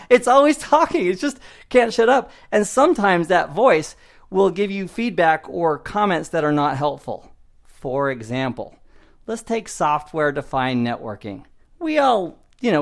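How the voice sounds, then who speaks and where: A man in his fifties giving a motivational IT training lesson in an animated, conversational way, often laughing at himself. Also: a little high. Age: 50s. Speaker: IT instructor.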